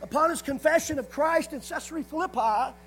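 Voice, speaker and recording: A man's voice: extremely high pitch, a little fast, a bit bright, a little hiss or hum, poor audio. A man preaching a sermon, hammering points through repetition and punctuating them with frequent calls of "amen". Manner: repetitive emphatic phrasing, frequent "amen" call-outs.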